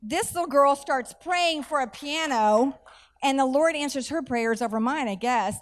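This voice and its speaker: A middle-aged woman, preaching a sermon through animated personal stories with folksy asides. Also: sits high, normal speed. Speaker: church speaker.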